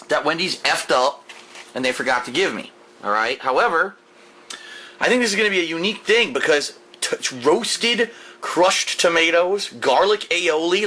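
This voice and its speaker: Brief: male food vlogger, bright forceful voice, a bit high, enthusiastic and repetitive, home camera mic. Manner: enthusiastic, emphatic, repeats himself. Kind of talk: casual food review to camera. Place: at home, indoors. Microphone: camera mic, set down while eating.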